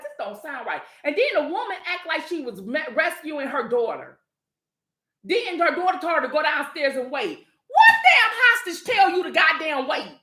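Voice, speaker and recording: A high-pitched woman talks in a sassy, blunt, profane rant, speaking. Her voice bounces off the walls of an echoey room. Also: sharp tone. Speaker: channel host. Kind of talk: casual commentary monologue.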